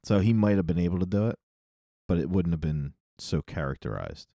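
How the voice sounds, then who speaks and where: Deep-voiced man rambling on a podcast. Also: lively intonation, fairly quick, creaky, warm tone, no room sound, clean studio sound. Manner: rambling, self-correcting, laughs often. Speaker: podcast co-host. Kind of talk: casual chat.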